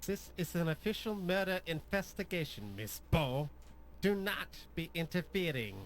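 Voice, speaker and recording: A man's voice: high voice, lively intonation, moderate pace, slight background noise. An actor playing a stiff, scolding German man in an adventure game, with a put-on German accent. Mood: stern. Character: stern officious German man.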